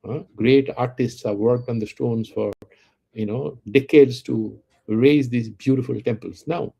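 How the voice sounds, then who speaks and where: A man's voice: medium pitch, fairly even intonation, unhurried, creaky, mellow, husky, highs cut off. A man teaching philosophy, explaining Sanskrit terms and posing rhetorical questions to his listeners. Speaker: Vedanta teacher. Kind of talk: philosophy lecture.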